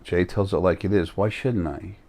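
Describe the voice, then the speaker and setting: Male vlogger, very low voice, blunt and rambling, sounds tired, casual monologue. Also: normal speed, dark tone.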